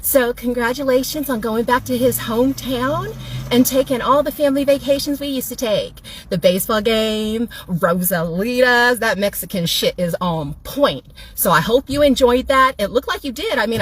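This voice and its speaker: A woman speaks into her phone in a biting, sarcastic tone, using mock-polite praise. Her voice is fairly high. She talks with a pointed, cutting edge throughout. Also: husky, poor audio. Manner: sarcastic, mocking congratulations. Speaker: wife addressing her husband's girlfriend. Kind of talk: sarcastic social media rant.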